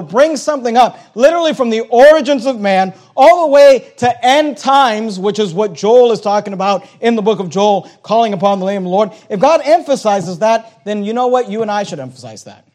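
A man's voice: high voice, expressive, a little fast, hardly any pauses, darkish tone. A male pastor preaching a sermon, emphatic and repetitive, pressing his points home.

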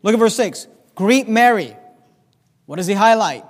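A man preaching a sermon as pastor, reading scripture aloud with slow, emphatic stress in a church. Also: high voice, animated. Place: church sanctuary. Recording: long reverb of a church hall.

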